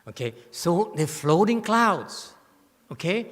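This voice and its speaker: A teacher delivers commentary on a Buddhist sutra in a temple lecture hall, playfully teasing his listeners and repeatedly checking in with "okay?". His high voice is very animated yet unhurried, and the hall adds a long reverb.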